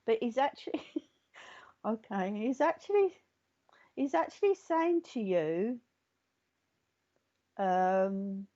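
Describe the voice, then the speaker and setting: Her voice a little high and darkish, a psychic medium reassures someone during a live reading. She regularly checks in with "okay?" and "all right?", though the recording is muffled.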